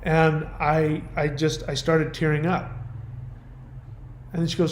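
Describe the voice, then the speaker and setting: Blunt, emphatic male host with a slightly high voice, recorded in an echoey room. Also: completely flat delivery, takes it slowly, a little hiss or hum. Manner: blunt, emphatic, tells personal stories. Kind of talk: commentary on a viewer's message.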